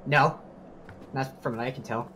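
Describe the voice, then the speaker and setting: A man chatting with friends while playing a game, goofy and excitable, cracking jokes. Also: medium pitch, normal speed, a little hiss or hum. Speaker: player. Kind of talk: casual multiplayer gaming chat.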